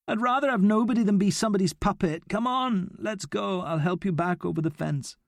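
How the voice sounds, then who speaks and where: A man voicing an angry, upset young boy who shouts and pleads with his friend in an audiobook. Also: sits high, fairly quick, vocal fry, dry recording, clean studio sound, pitched above the performer's own voice. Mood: pleading.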